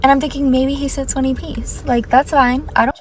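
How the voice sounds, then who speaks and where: A woman telling a storytime monologue, loud, animated and blunt. Her voice sits fairly high. Faint ambient and vehicle noise sits behind her. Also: brisk.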